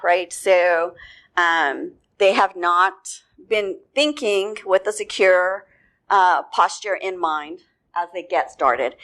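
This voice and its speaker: A woman giving a talk at a security conference. She tells the story in a relaxed way and laughs easily. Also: lowish voice. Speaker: conference speaker.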